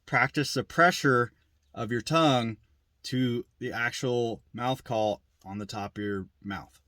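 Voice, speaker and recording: A man's voice: medium pitch, a little slow, bright, forceful tone, no room sound. A man giving a plain-spoken, casual lesson on turkey calling, repeating his points as he goes. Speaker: turkey hunting instructor. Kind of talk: casual instructional demo.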